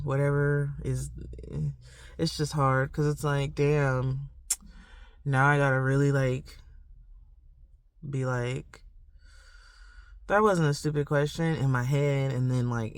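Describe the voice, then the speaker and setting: A woman's voice: sits low, dry recording, clean studio sound. A woman vlogging a rambling, reflective monologue, full of "like" and "you know". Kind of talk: confessional casual monologue to camera.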